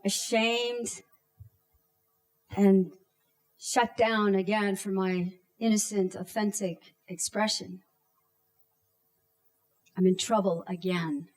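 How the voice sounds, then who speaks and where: Slow and deliberate, a woman in her thirties from Canada tells a personal story onstage in a mid-range voice with fairly even intonation. Dramatic pauses and acted-out shouts punctuate it.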